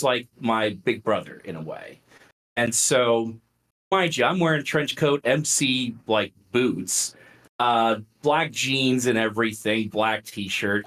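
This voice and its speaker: Animated middle-aged man telling stories. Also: mid-range voice. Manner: animated, filler-heavy, conversational. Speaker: podcast guest. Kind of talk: casual storytelling.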